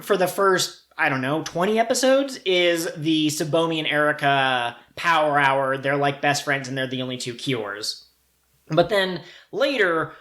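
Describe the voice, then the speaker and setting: A man co-hosting a casual podcast, explaining an anime plot in a joking, animated way. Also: fairly high pitch, reverberant. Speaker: podcast co-host. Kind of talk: casual chat.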